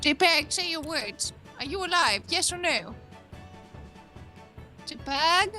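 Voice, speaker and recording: Playful teasing woman gaming with friends, kinda high voice, swears a lot. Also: expressive, slow, bright, forceful tone, faint music behind. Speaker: let's-player. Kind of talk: casual chat over a game.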